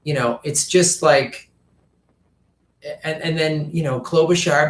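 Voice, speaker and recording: A man ranting through casual political commentary, profane and mocking, slipping into quick impressions of politicians. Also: on the high side, steady tone, roomy sound.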